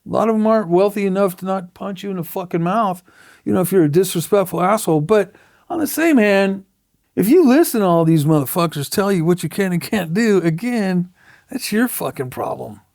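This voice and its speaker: A man's voice: sits high, animated, brisk, creaky, a little mellow, no room sound, clean studio sound. A middle-aged man, a tattoo artist being interviewed, telling blunt, profane stories and acting out the quotes. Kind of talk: casual storytelling interview.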